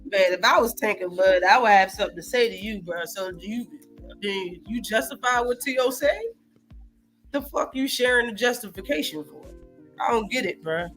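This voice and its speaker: Brief: high, bright-voiced man, streaming host, animated and profane, faint music behind. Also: normal speed. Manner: animated, profane, reacts to live chat. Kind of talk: casual live-stream boxing talk.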